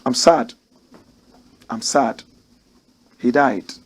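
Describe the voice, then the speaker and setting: A man with a Ghanaian accent hosting a news commentary show, animated and emphatic, repeating phrases as he talks. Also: medium pitch, very slow, husky.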